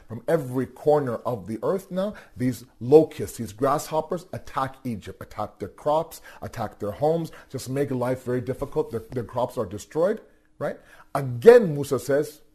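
A man giving a religious storytelling lecture, animated, asking rhetorical questions and repeating his words. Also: mid-range voice, moderate pace, slightly rough. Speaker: religious teacher.

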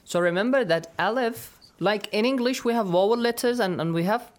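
A woman's voice: mid-range voice, normal speed. A middle-aged woman teaching recitation in a class, patiently repeating points and checking that students follow.

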